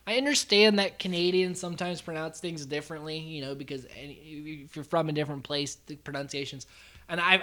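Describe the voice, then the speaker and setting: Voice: mid-range voice, sharp tone. A podcast host recapping a reality show in a rambling, chatty way, full of "like" and casual swearing.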